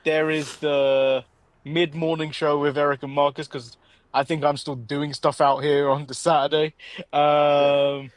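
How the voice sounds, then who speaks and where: A man's voice: fairly high pitch, level tone, measured pace, dry recording. A man with an English accent co-hosting a casual wrestling chat show, laughing often and rambling. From England. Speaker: podcast co-host.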